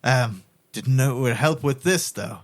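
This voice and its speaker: A man playing a tabletop game who talks excitedly, laughs often and swears freely. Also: medium pitch, a little slow. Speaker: player.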